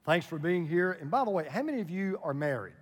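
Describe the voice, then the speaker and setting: A man's voice: a little high, sing-song, fast talker. A pastor in his sixties gives a folksy, joking sermon to his congregation. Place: church sanctuary. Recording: church hall reverb.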